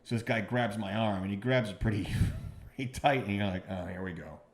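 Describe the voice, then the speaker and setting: A comedian guest with a low-pitched voice tells stories in casual podcast chat. He talks in halting bursts, repeats himself and gets animated when he quotes other people.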